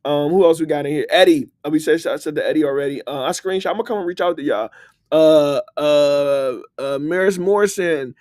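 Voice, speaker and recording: A man hosting a casual motivational live stream, upbeat and slangy, giving shout-outs to his viewers. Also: fairly high pitch, brisk. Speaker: livestream host. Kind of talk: casual motivational livestream talk.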